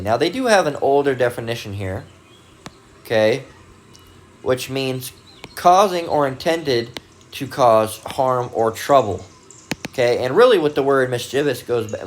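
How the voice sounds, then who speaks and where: Rambling man teaching from dictionary definitions. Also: mid-range voice. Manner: rambling, with many fillers and restarts; reads dictionary definitions aloud. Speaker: religious video host. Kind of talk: casual Bible teaching monologue.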